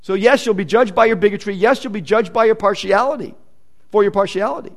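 High-voiced pastor preaching emphatically. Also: male voice, fast talker. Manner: earnest, emphatic preaching with repeated stresses. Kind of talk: sermon.

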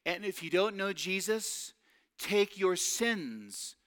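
A man's voice: sits high, big pitch swings, takes it slowly, a bit bright. A man preaching a sermon, earnest and emphatic, drawing out key phrases.

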